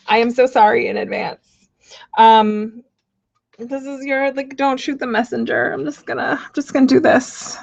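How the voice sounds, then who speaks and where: A woman's voice: high voice, steady tone, moderate pace, gravelly, darkish tone, dull audio. Giggly rambling woman reading cards. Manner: giggly, apologetic, rambling with many fillers. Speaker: card reader on a live stream. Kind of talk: casual live-stream chat.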